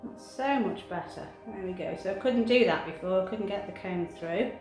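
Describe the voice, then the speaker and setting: A woman grooming a cat, talking softly and coaxingly while explaining her work. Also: medium pitch, normal speed. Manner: soft, coaxing, chatty. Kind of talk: grooming commentary. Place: grooming room. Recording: echoey room with music behind.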